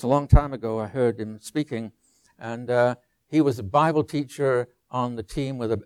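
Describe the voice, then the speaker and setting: Older guy preaching, storytelling sermon, bit high voice, dry sound, asides and restarts. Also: no room sound. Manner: anecdotal, with asides and restarts, drops to a soft low voice on quiet lines.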